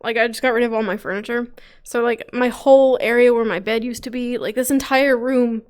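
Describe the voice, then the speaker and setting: A woman's voice: a little high, fairly even intonation, fairly quick, darkish tone, clear, resonant tone. A woman hosting a roleplay series, chatting casually out of character after a session, laughing often and swearing lightly, at home. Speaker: roleplay host. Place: home room being moved out of.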